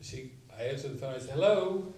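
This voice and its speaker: A man giving a spiritual retreat talk, telling stories and acting out quotes with sudden loud bursts. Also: mid-range voice, a little slow. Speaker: spiritual teacher. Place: retreat meeting room. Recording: roomy, mic at a distance, faint noise.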